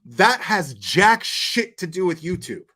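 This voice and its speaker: A man doing casual live commentary, telling profane, animated anecdotes and laughing often. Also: high voice, slow. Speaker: commentary streamer.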